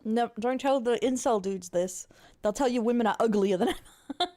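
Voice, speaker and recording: A woman's voice: fairly high pitch, moderate pace, a little mellow. A woman streamer reacting casually, chatty and stammering, often breaking into laughter.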